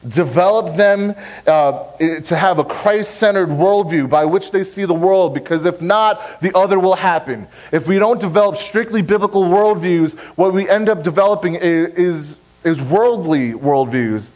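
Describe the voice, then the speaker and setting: A man's voice: high voice, normal speed, darkish tone, low-quality recording. A young adult man, a pastor, preaching a sermon in a church in an earnest, direct way, repeating key phrases to press the point. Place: church sanctuary.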